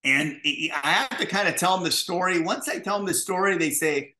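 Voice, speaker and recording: An animated man, a guest on an interview show, tells stories in a forceful voice that sits a little high. He swears freely and acts out the dialogue. The recording has a roomy echo. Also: a little fast. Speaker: guest, pizza restaurateur. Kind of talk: casual interview storytelling.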